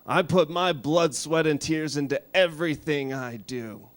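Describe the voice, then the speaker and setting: A man voicing a tough old grandmother who scolds soft kids, in a slow, loud, stern voice during a stand-up set. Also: fairly high pitch, voice pushed up, close to an everyday voice. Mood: scolding.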